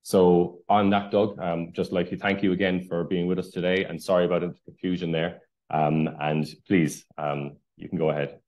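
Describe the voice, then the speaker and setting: Very deep-voiced hesitant male moderator. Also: level tone, normal speed, few pauses, muffled recording. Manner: hesitant, many ums. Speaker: webinar moderator. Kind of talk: introducing a speaker.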